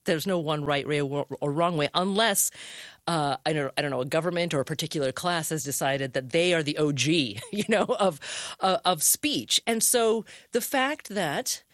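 A woman's voice: low voice, moderate pace, no echo, studio quality. A woman from Oregon hosting an interview, conversational and thoughtful. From Oregon, US West. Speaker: radio host.

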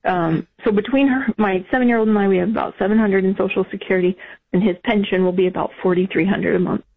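A widowed woman calling in to a radio show, emotional and halting, restarting her sentences. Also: medium pitch, steady tone. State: tearful. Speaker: caller. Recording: tinny phone line.

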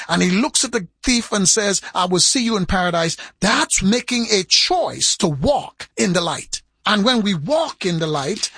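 A man preaching a sermon, with big swings in pitch and emphasis as he makes his points. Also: a bit bright, breathy edge, no echo.

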